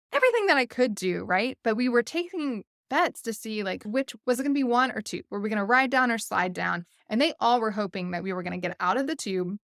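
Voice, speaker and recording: A woman in her thirties hosting a podcast, telling a family story in a casual, animated way with frequent laughs and "like" fillers. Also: medium pitch, dry recording, studio quality. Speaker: podcast host.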